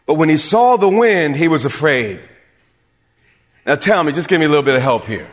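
In a large hall with long reverb, a pastor with a slightly high voice preaches fairly quickly to his church, his intonation lively. He rises to emphatic calls and keeps asking the congregation if they hear him.

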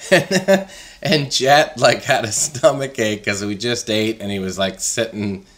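A man's voice: fairly low pitch, takes it slowly, a bit bright. A man telling stories in casual chat with a co-host. He rambles and laughs often.

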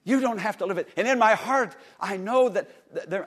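A man with a fairly high voice preaches a sermon to his congregation. His delivery is impassioned. He swings between loud declarations and quieter, intimate passages and often repeats words as he builds. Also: fairly quick, few pauses. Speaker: pastor. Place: church service.

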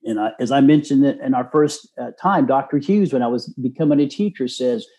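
A man's voice: medium pitch, fairly quick, mellow. A man in his sixties from Texas, telling a personal story as a guest in an earnest, folksy way. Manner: earnest, folksy, acts out quoted voices. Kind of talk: casual storytelling.

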